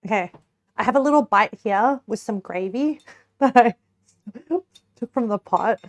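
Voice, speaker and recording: A young woman streaming herself cooking and tasting a pie chats casually with her viewers at a measured pace. Her voice is medium-pitched, and she giggles now and then, talking to chat as she eats.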